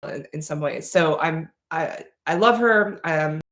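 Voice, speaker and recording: A woman's voice: sits low, a little slow, fairly bright tone. Playful rambling woman streamer, echoey room. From Slavic heritage. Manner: rambling, playful, lots of fillers and restarts. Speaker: livestream host answering questions. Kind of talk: casual livestream Q&A.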